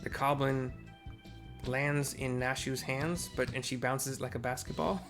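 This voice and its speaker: Man, casual game narration, chatty, self-correcting, middle-pitched voice, faint game music behind. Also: fairly even intonation, measured pace. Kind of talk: casual live audio description of game cutscenes.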